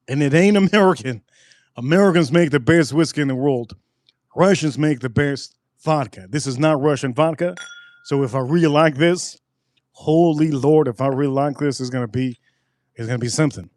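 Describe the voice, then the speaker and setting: A man hosting a casual live tasting review, excitable and repeating himself for emphasis. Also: fairly high pitch, no room sound, studio quality. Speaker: spirits reviewer host.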